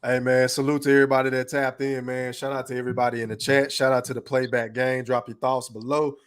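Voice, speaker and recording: A man's voice: medium pitch, flat delivery, quick pace, smooth. Laid-back man signing off a podcast. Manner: laid-back, shout-out heavy sign-off. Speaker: podcast host. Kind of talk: casual podcast outro.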